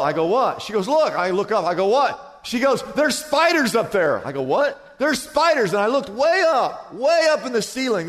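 A male pastor with a high voice delivers an animated sermon, rising loud and dropping to a hush as he tells his stories. His voice rings with a long reverb, as if from a large church hall. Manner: animated storytelling with wide swings in pitch and volume.

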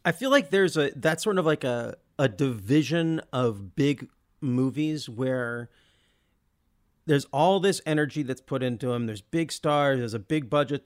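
A man co-hosting a podcast, chatting casually and enthusiastically about a film, often laughing. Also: medium pitch. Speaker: podcast co-host.

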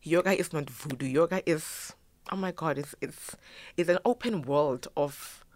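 A woman's voice: sits low, measured pace, a little mellow, no echo. A middle-aged woman guest telling a personal story with feeling, acting out the voices she quotes and slipping in Zulu phrases. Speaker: guest, choreographer and yoga teacher.

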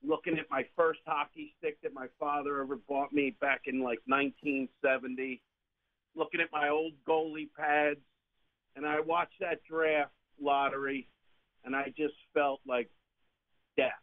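A man's voice: fairly high pitch, level tone, measured pace. A man in his sixties calling in to a sports radio show, sentimental and choked up with emotion. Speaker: caller. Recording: tinny phone line.

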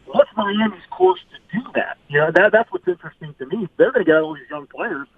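A man giving measured football analysis as a guest on a sports radio show, heard over a phone line. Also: high-pitched, very animated, husky, dry recording. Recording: tinny phone line, dry.

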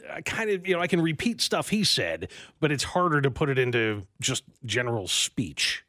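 A man co-hosting a radio talk show in casual banter, playful and animated, reading listener comments aloud. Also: medium pitch, moderate pace, dry recording, clean studio sound.

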